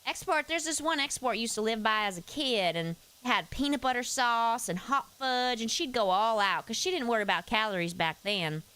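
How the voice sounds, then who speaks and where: Woman doing a southern gal voice, chatty and folksy, bouncy pitch, real smooth. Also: lively intonation, normal speed, hardly any pauses, pushed and bright, rough recording. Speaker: streamer. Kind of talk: casual live-stream chat.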